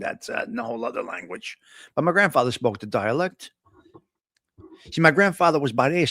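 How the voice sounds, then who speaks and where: A middle-aged man, hosting a casual live coffee talk show and chatting in an animated, storytelling way. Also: medium pitch, no echo, clean studio sound. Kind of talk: casual live-stream chat.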